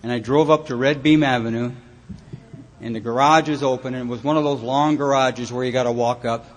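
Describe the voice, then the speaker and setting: A man from Los Angeles gives a personal recovery talk in front of a live audience. He tells his story with dry, self-mocking humor and steps into the voices of the people he quotes. His voice sits at an ordinary middle pitch. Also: fairly even intonation, fairly quick, slight background noise. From Los Angeles, California. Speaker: AA speaker. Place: retreat meeting hall, live audience.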